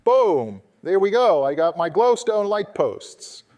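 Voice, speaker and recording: A man's voice: high-pitched, very animated, slow, darkish tone, heavily acted. A man putting on an exasperated male politician, sarcastic and swearing while playing a game. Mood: casual. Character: exasperated male politician impression, easily irritated. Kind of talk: comedic gameplay voice impression.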